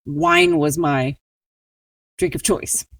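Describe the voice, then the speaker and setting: A woman in her forties from New Orleans, a resilience coach telling her personal story as a podcast guest in a slow, reflective, earnest way. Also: low voice, no room sound. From New Orleans, USA.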